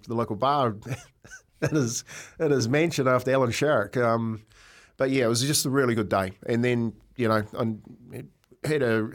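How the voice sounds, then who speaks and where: A man with a New Zealand accent, a racehorse owner chatting casually on radio, telling a story with many fillers and restarts. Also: medium pitch.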